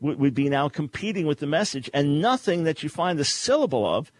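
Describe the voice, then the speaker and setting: A man's voice: big pitch swings, fairly quick. A man hosting a radio call-in debate, pressing his points emphatically. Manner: emphatic, rising pitch when pressing a point. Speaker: radio show host.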